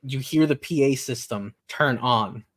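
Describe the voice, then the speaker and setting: A man narrating a tabletop role-playing game as game master, relaxed and halting, with many fillers. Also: mid-range voice.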